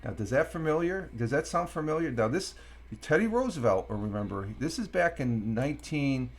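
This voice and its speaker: A middle-aged man from Upstate New York hosts a casual morning live stream, his voice sitting on the high side and sounding expressive. He rambles with plenty of fillers and reads quotes out slowly.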